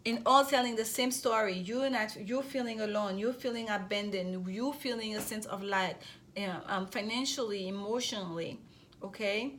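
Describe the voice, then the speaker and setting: A woman's voice: medium pitch, normal speed, fairly bright tone, a little hiss or hum. Woman giving an earnest tarot reading. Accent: non-native accent. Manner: repetitive, reassuring, frequent restarts and check-in questions. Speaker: tarot reader. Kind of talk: intuitive tarot reading to camera.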